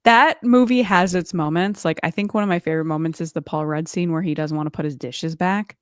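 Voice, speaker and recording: With a fairly low voice and a slightly fast pace, this woman co-hosts a casual podcast chat. She keeps saying "like" and voices quoted people playfully. No room sound, studio quality.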